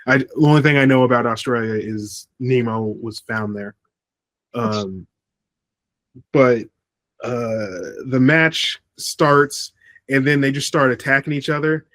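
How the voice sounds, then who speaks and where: A man's voice: mid-range voice, steady tone, measured pace, a bit bright, dry recording. A man co-hosting a podcast, talking casually about wrestling and often stopping on ums and restarts. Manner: rambling, with frequent ums and restarts. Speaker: podcast co-host. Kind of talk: casual wrestling review chat.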